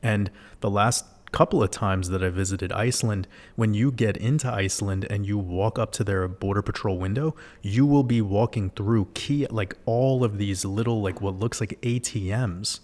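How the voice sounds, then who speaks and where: A man's voice: on the low side, moderate pace, hardly any pauses, darkish tone. A man hosting a livestream, talking casually and animatedly to his viewers, swearing and firing off rhetorical questions. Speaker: livestream host.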